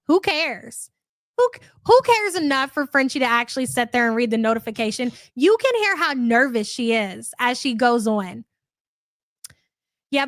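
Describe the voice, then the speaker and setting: A woman's voice: on the high side, fairly bright tone, no room sound. Blunt, profane woman streamer. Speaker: live stream host reading chat. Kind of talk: live reaction stream with chat readouts.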